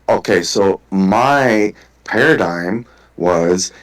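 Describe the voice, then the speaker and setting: A man's voice: on the low side, unhurried, rough recording. A man in a casual podcast conversation, telling a long personal story with lots of swearing and restarts. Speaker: guest.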